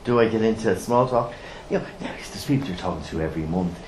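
A middle-aged man teaching a training course, blunt and lively, firing rhetorical questions at the room. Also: lowish voice, fast. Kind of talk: classroom teaching. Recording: roomy echo, faint background noise.

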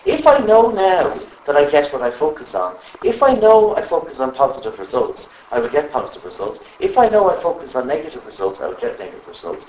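A man leading a live workshop, animated and constantly asking the group questions. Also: fairly high pitch, moderate pace, pauses often, distant mic. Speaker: trainer. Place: training room with live audience. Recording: echoey room with faint ambience.

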